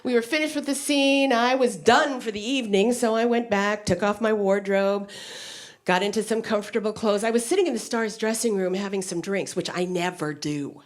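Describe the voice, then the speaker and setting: A woman comedian telling stories on stage in an animated stand-up delivery. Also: moderate pace. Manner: animated storytelling with wide pitch swings.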